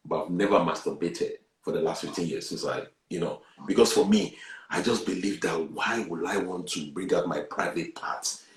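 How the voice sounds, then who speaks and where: Man, earnest testimony, lowish voice, roomy echo. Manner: earnest, animated, swings between hushed and loud. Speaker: guest sharing a personal testimony. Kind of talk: candid testimony on a talk show.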